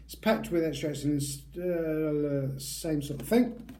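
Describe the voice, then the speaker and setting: A man's voice: a little high, fairly even intonation, slow, mellow, a little hiss or hum. A man giving a rambling, jokey unboxing review of a tattoo aftercare product, talking straight to his viewers. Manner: rambling, chatty, jokey asides.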